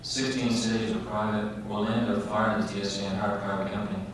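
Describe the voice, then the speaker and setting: A low, flat-voiced man gives steady, informative comment at a public forum. He sounds distant in an echoey room with clear noise behind him. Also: fast talker. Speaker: forum speaker.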